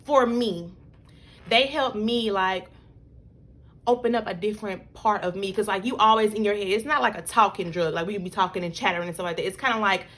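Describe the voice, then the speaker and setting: A woman's voice: mid-range voice, a little fast, a bit bright. A young adult woman telling a personal story to her viewers in a loose, chatty way, full of "like" and "y'all". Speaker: vlogger. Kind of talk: casual storytelling.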